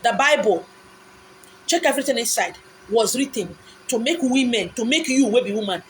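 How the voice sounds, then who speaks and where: Woman, Nigerian accent, fairly high voice, preachy, insistent, rhetorical, faint hiss behind. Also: expressive, normal speed, low-quality recording. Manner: emphatic and preachy, rhetorical questions and answers; repetitive, insistent phrasing with pidgin asides. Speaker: speaker giving a monologue. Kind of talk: impassioned monologue.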